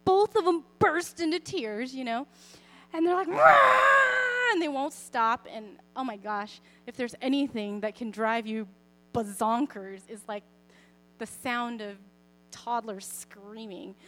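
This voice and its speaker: High-voiced woman sharing an earnest testimony. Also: measured pace. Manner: conversational and earnest, with frequent fillers and asides. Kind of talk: sermon-style personal testimony.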